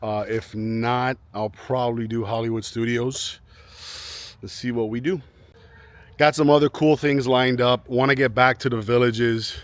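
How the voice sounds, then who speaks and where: A man's voice: mid-range voice, steady tone, unhurried. A man chatting to camera outdoors in a residential neighborhood, rambling and often repeating himself as he restarts sentences. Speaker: vlogger. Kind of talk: casual chat to camera.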